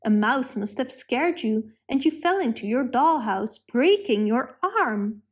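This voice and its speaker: A woman voicing a stern but caring mother who scolds her child in a measured way. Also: a little high, animated, breathy edge. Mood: scolding.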